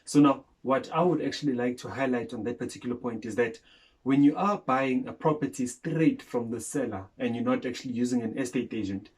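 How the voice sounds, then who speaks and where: A man's voice: mid-range voice, brisk, darkish tone, slightly rough, low-quality recording. A man from South Africa co-hosting a casual chat, explaining property transfers point by point and leaning on "actually" and "so now.". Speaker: co-host.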